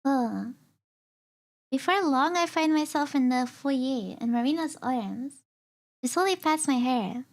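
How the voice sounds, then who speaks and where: A young woman streamer reading a visual novel aloud in a soft, hesitant way, with filler sounds between lines. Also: high-pitched, unhurried. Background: faint game music.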